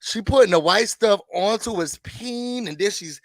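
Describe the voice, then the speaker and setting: A man hosting a casual reality-show recap, chatty and animated, laughing and throwing in dramatic asides. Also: sits high, normal speed, no room sound. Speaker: YouTube host.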